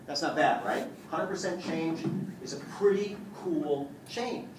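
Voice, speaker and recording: A man talks through a live chiropractic demonstration in an animated, joking way, and he likes to boast a little. His voice sits a bit high and comes from some distance off the mic. It rings around a large, very echoey room with a faint hiss underneath. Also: a little slow. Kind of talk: live demonstration talk to an audience.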